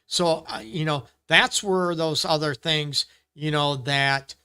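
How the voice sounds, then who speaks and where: Middle-aged male counselor, live Q&A, earnest and repetitive, bright, slightly high voice. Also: takes it slowly, clean tone. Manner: earnest, repetitive, acts out quoted dialogue. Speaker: relationship counselor answering viewer questions. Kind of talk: casual live Q&A advice talk.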